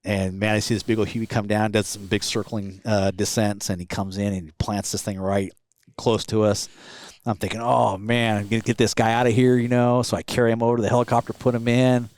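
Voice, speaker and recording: A low-pitched man spins a casual story about a helicopter rescue. He is animated and laughs often, putting on the voices of the people in it. His voice sounds dry and close. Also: a little fast, dry recording. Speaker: award-winning helicopter pilot guest. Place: convention floor.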